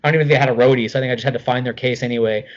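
A middle-aged man telling a casual anecdote as a guest, animated, swearing freely and filling with "like". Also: medium pitch, rapid-fire, highs cut off.

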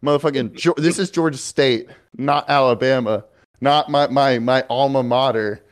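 A man's voice: medium pitch, normal speed. A young man, co-host of a casual podcast, telling a rambling story full of swearing and mimicry. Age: young adult. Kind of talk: casual chat.

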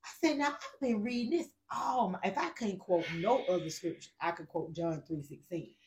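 A woman's voice: medium pitch, moderate pace, darkish tone, slight background noise. A woman co-hosting a casual faith podcast, telling a personal story in a conversational way. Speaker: podcast co-host.

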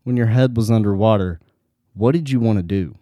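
Man doing a calm old guru. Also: fairly low pitch, no echo, studio quality, natural voice. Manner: calm, measured. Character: calm old male guru, patient and stern.

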